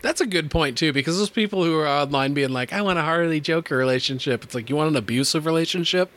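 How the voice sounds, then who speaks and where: A man's voice: on the high side, fast talker, fairly bright tone. A man co-hosting a podcast, chatting in an easygoing way, laughing often and swearing casually. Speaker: podcast co-host.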